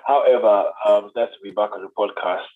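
Man, podcast co-host, playful mock-pompous banter, husky voice, tinny phone-line sound. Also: lowish voice, steady tone, fast. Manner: playful, mock-grand, joking. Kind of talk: casual podcast chat.

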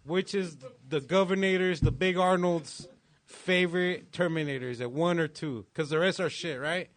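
A man's voice: a little high, moderate pace. A man co-hosting a casual comedy podcast, joking and swearing with lots of slang. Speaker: podcast co-host. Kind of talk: casual stoner podcast chat.

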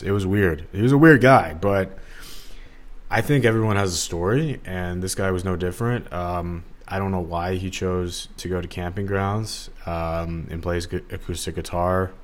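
A man hosting a solo podcast, talking in a rambling, digressive, casual way with lots of fillers. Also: low voice. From Los Angeles area. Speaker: podcast host.

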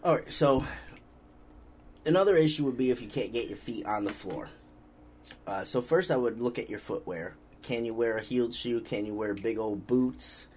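A man hosts a casual podcast, rambling in a laid-back way and reading out viewer comments. His mid-range voice has a darkish tone and moderate pace, with slight background noise.

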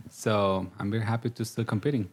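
An English man in his thirties speaks as a guest in a casual interview, chatty and warm, dropping "like" again and again. His voice is fairly low, with fairly even intonation and a fairly quick pace.

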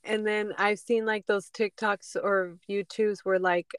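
A woman's voice: medium pitch, steady tone, a little slow, smooth, dry recording. A woman co-hosting a podcast in casual chat, telling a story with laughs and whispered asides. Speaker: podcast co-host.

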